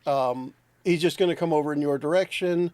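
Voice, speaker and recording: A man narrating as game master, explaining the scene in a relaxed way. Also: a little high, brisk, no echo.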